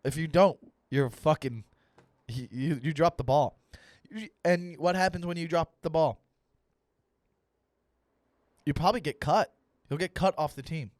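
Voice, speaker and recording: A young adult man hosting a comedy podcast, ranting with animated, profane storytelling and acted-out dialogue. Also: a little high, a little slow, pauses often, no room sound, clean studio sound. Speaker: comedian host.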